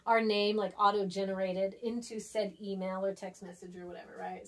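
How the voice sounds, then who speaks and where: A woman teacher giving a casual, chatty lesson, acting out example texts in different voices while writing on a board. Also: medium pitch. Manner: writes on a board while talking.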